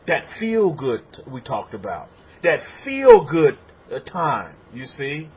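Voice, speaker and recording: A man preaching a sermon as a rabbi, animated and repetitive. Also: medium pitch, slow pace, breathy edge, lo-fi sound. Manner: animated preaching, acts out congregants' voices.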